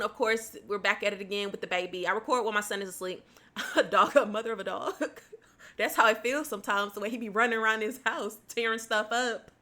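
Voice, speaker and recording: A woman's voice: on the high side, pushed and bright. A young woman, chatting casually on a home livestream, laughing often and addressing viewers by name.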